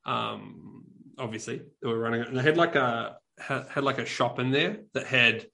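A man's voice: medium pitch, moderate pace, gravelly, bright, forceful tone. A man with a New Zealand accent co-hosting a podcast, telling a rambling story full of fillers and restarts. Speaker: podcast co-host. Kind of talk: casual chat.

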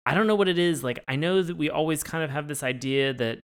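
A man co-hosting a podcast, reviewing a show in casual, animated chat and swearing freely. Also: fast talker, smooth. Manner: profane, animated, jumps high when mimicking reactions. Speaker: podcast co-host.

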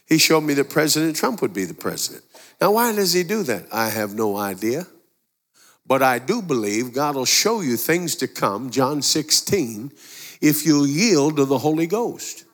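A man preaches a sermon in a relaxed storytelling manner, slipping into the voices of the people he talks about. His voice sits a little high for a man. The sound rings with the long reverb of a large church hall. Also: normal speed. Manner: folksy, conversational preaching with quoted dialogue.

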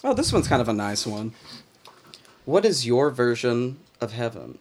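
A man's voice: medium pitch, very animated, normal speed, a little hiss or hum. A man hosting a casual chat, reading questions out to his guests.

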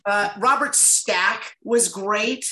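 A man guest-starring in a casual interview, telling animated stories and laughing often. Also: high voice, takes it slowly, low-quality recording. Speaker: voice actor guest.

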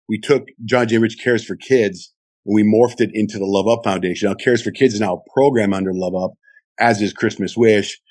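A middle-aged man, a radio host, telling a long story in an interview and acting out the quotes with big jumps in his voice. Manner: lively, acts out quotes with big pitch jumps.

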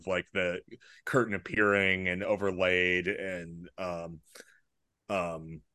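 A man's voice: low-pitched, flat delivery, takes it slowly, sharp tone. A man co-hosting a podcast in casual chat, thinking aloud in a hesitant, rambling way. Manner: hesitant and rambling, many fillers and restarts. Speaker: podcast co-host.

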